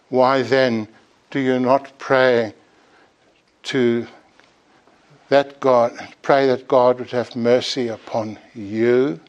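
Slow, earnest male preacher. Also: medium pitch, muffled recording. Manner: earnest, pleading exhortation with rising emphasis. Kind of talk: sermon.

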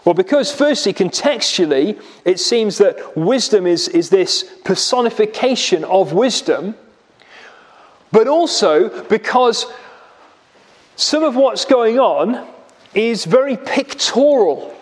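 A man's voice: high-pitched, expressive, takes it slowly, long reverb tail. A man preaching a sermon in a church, explaining a passage with rhetorical questions and vivid retelling.

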